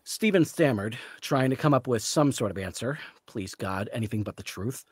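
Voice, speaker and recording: A man reading the narration of a novel aloud in a measured storytelling way. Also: medium pitch, animated, slightly rough, no echo. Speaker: author reading.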